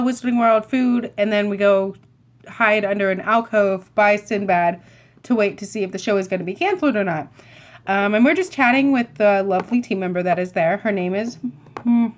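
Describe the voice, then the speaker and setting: A young woman chatting to camera, telling a rambling, animated story full of asides and self-corrections. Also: mid-range voice. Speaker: vlogger.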